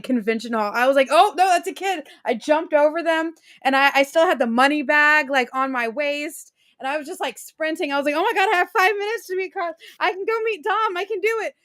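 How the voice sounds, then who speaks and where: Young woman cohost, animated storyteller, bit high voice, giggly. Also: dry recording, clean studio sound. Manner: animated, excitable, laughs often. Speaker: co-host. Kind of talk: casual storytelling chat.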